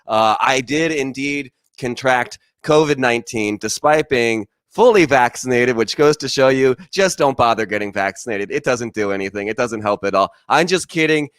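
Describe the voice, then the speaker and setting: A man's voice: mid-range voice, animated, normal speed, hardly any pauses, a bit bright, clear, resonant tone, dry recording, clean studio sound. A man doing wry, self-deprecating stand-up comedy over a video call from his quarantine room into a microphone.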